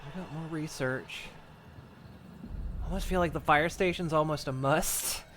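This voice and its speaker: A man's voice: on the high side, a little slow, a bit bright, slight background noise. A man streaming a game, joking, laughing often and chatting casually with his viewers. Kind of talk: casual gameplay chat.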